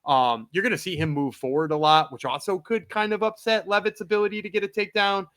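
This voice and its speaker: Upbeat male co-host, slightly high voice, animated, stumbles into his points. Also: quick pace. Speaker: podcast co-host. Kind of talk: casual podcast chat.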